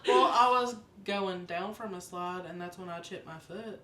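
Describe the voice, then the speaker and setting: Casting: woman podcast co-host, mid-pitched voice, animated self-mocking storytelling, echoey room. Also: moderate pace. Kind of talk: casual chat. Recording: echoey room, faint rumble.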